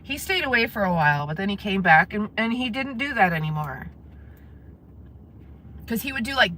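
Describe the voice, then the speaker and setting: A woman's voice: medium pitch, animated, fairly quick, sharp tone. A woman live-streaming from her car, chatting casually with viewers and laughing often. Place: in a parked car.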